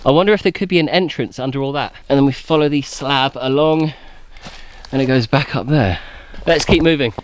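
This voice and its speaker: A man talks casually to his camera while exploring the woods. His pitch sits in an ordinary middle range, with faint background noise around him. He is chatty and easily excited. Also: a little fast. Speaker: bushcraft vlogger. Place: outdoors in woodland.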